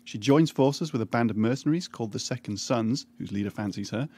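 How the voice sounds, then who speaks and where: A husky-voiced man of ordinary middle pitch delivers a scripted comic recap. He stays deadpan throughout, dropping irreverent asides without hesitation.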